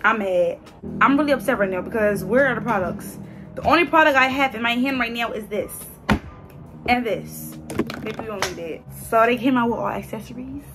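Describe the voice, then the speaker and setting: A young woman, talking casually and excitedly to her viewers in a hair vlog. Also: fairly high pitch, fairly quick, over music. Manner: animated, exclaiming, talks straight to viewers. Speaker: hair vlogger.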